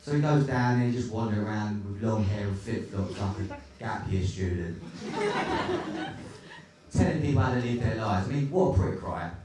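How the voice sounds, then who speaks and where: A man's voice: on the low side, normal speed, recorded from a distance. A man doing a stand-up comedy set, crude, sardonic and rambling. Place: comedy club stage. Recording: echoey club, recorded from afar, noisy.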